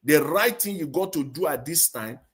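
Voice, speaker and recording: A man speaking as a caller on a live show, halting and repeating words as he searches for them. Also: on the high side, lively intonation, a bit bright.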